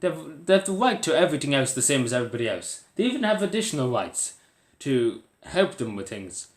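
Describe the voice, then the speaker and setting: A man's voice: medium pitch, very animated, brisk, echoey room. A man with an Irish accent talking earnestly to camera in a rambling, casual way, full of fillers and restarts. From Ireland. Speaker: vlogger.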